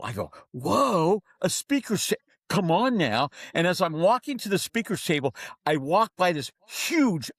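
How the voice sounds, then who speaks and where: With no room sound, a middle-aged man with a slightly high voice appears as a keynote speaker guesting on a podcast interview. He's an animated storyteller who acts out the voices of people in his anecdotes.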